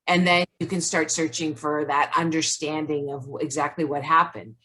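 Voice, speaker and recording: A woman co-hosting a casual self-help video call speaks in a low, steady, slightly bright voice at a moderate pace with few pauses. Reflective and searching, she thinks aloud and says "like" a lot.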